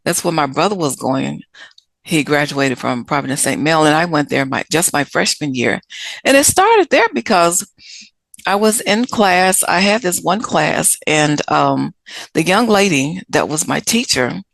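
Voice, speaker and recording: A woman from Chicago, a guest in an interview, telling stories from her life in a lively way and acting out the people she quotes. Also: low voice, measured pace, gravelly, no echo. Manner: animated, acts out quoted people. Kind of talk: storytelling interview answers.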